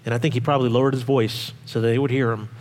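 A male pastor preaching a sermon in an animated way, acting out voices and asking the congregation questions. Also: mid-range voice, very fast, long reverb tail.

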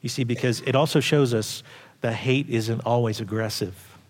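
A man preaching a sermon as pastor, animated, acting out quoted voices loudly and dropping to quiet asides. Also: mid-range voice, moderate pace. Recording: long hall reverb.

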